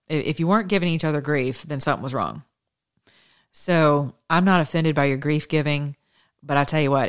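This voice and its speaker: A show host delivers a fervent call to action that blends politics with scripture, in a mid-pitched voice. The host drives each point home through emphatic repetition and a preacher's cadence.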